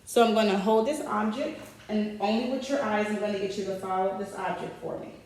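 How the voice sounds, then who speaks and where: A woman speaks at a middling pitch as she steps through a clinical exam and calmly reads out each finding. She gives short, polite instructions to the patient. Her voice bounces around a very echoey room and is picked up from a distance. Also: fairly quick. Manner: methodical, calm, narrating findings aloud while instructing the patient. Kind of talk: narrated physical assessment demonstration.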